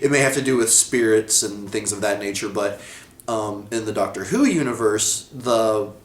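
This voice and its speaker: A man's voice: lowish voice, normal speed. A man giving a casual video review of a TV episode, rambling, correcting himself and laughing often. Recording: echoey room.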